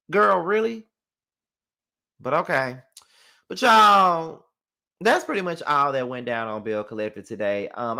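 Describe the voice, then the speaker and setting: A man giving a casual, sassy live review of a reality show, animated and swearing freely. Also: fairly high pitch, gravelly.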